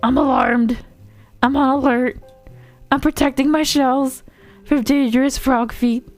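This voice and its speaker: A woman's voice: high-pitched, fairly even intonation, a little slow, dry recording, soft background music, voice pushed up. A woman voicing a fussy, anxious game critter who guards tiny shells, reading its lines in a prickly, defensive way. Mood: fretful. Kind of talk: reading game dialogue aloud.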